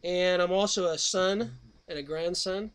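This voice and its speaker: A man's voice: high-pitched, a little slow, fairly bright tone, clean tone. A man hosting a call-in radio show, chatting in a rambling, scatterbrained way and breaking into snatches of song. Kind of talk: casual call-in radio chat.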